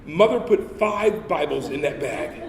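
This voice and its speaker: A man's voice: fairly high pitch, expressive, unhurried, vocal fry, far from the mic, crowd noise. A man giving a humorous storytelling sermon as a guest speaker. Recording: echoey hall with faint ambience.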